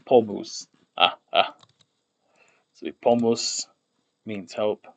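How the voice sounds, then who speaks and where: A man speaks very slowly in a creaky, low-leaning voice. He's a streamer building a made-up language, thinking aloud and muttering at his desk as he works, often trailing off and then correcting himself. A keyboard clicks and types behind him.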